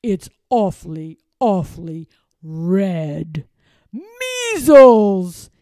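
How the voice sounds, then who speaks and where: A woman voicing a sly, scheming evil male lord who sneers and barks commands in a booming, drawn-out way. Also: animated, mellow, no room sound, clean studio sound. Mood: sneering.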